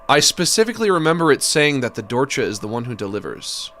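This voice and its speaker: Man streaming a game, jokey, rambling, lively voice, faint music behind. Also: medium pitch, fast talker. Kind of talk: casual game commentary.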